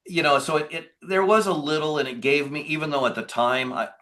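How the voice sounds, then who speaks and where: A man's voice: fairly high pitch, brisk, pushed and bright. A man being interviewed as a guest. He talks in a conversational, rambling way and often restarts his sentences. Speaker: podcast guest, business owner. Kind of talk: casual interview talk.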